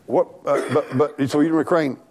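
A man preaching an animated, folksy sermon in church, talking back and forth with the congregation and laughing along. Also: a little high, normal speed. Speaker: pastor.

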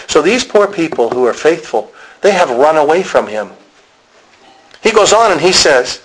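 A man's voice: on the high side, animated, moderate pace, long pauses, fairly bright tone, slight background noise, poor audio. A man with a Pennsylvania accent preaching a sermon, telling the story dramatically and acting out the voices of the people he quotes. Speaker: pastor.

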